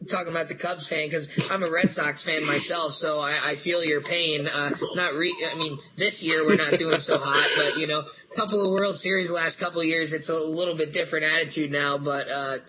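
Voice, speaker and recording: A man's voice: on the high side, poor audio. Man, east coast, podcast co-host, casual debate, faint hiss behind. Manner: animated, acts out park staff in quick voices.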